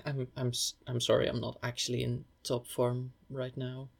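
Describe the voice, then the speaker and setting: A man's voice: medium pitch, monotone, unhurried, gravelly, husky. A young man in an intimate audio role-play who speaks straight to the listener, playful and rambling, often stammering and apologizing.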